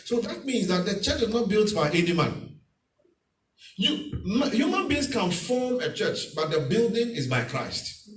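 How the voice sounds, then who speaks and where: A male pastor preaching to his congregation, teaching verse by verse and coming back to key phrases again and again. His voice sits a little high and swings widely in pitch. He is heard from some distance in an echoey church hall. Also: very animated, a little slow. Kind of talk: sermon.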